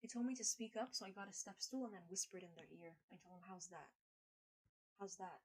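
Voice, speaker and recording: A woman's voice: medium pitch, fast, a little mellow, rough recording. A woman chatting casually on a live stream, rambling, crude and self-mocking, swearing freely. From United States.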